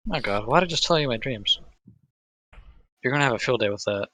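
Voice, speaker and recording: A man's voice: medium pitch, animated, a little fast, pushed and bright, dry recording. A man reading as a laid-back teenage boy who talks offhandedly and swears casually. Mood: uneasy. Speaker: reader in a group readthrough. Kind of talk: live unscripted fan script reading.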